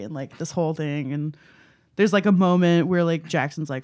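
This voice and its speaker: Lively low-voiced woman podcast co-host. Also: unhurried. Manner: animated, acts out quotes in exaggerated voices, laughs often. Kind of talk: casual chat reviewing a book.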